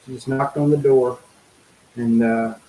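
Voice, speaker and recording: A middle-aged man speaking as a guest in an interview, telling a personal story in an earnest, halting way, full of fillers and restarts. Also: mid-range voice, steady tone, warm tone, reverberant, slight background noise, low-quality recording.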